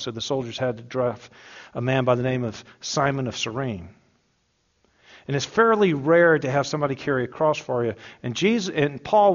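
A man preaching a sermon in a conversational, humorous way, slowing down to stress key words. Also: medium pitch. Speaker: pastor. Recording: dull lo-fi sound.

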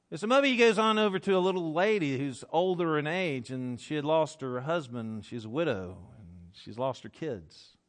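A man delivering a sermon in a somewhat high voice. He tells his story dramatically, acting out the crowd's reactions, and swings between loud bursts and quiet, hushed passages. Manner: animated, acts out crowd reactions. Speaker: preacher.

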